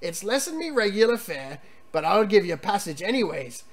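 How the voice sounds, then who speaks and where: A man's voice: high-pitched, sing-song, moderate pace. Man doing a drunken old pirate captain. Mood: drunken gruff.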